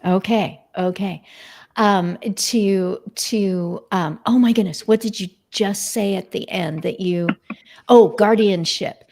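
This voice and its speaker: A woman's voice: mid-range voice, takes it slowly, vocal fry, a little mellow. A woman hosting a live-streamed interview, rambling and searching for words, with many ums and restarts. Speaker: host.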